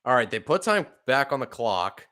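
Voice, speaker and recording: A young man giving live, profane fan play-by-play of a football game, exasperated and bursting into loud outbursts. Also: medium pitch, very animated, moderate pace. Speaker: podcast play-by-play host.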